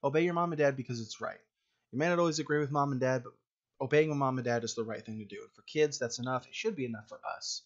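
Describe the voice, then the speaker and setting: A man's voice: medium pitch, quick pace, lo-fi sound. A man preaching a sermon in a plain conversational way, with frequent fillers and restarts.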